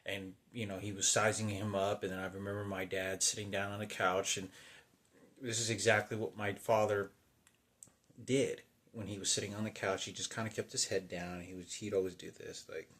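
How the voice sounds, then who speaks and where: A man in his forties telling a rambling personal story, halting and unsure, often restarting and trailing off. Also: lowish voice, flat delivery, fairly bright tone. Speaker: vlogger.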